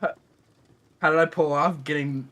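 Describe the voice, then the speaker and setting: A man's voice: a little high, fairly even intonation, slow, fairly bright tone. A man playing at a tabletop game, chatting casually with blunt, profane remarks. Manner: blunt, swearing. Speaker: player.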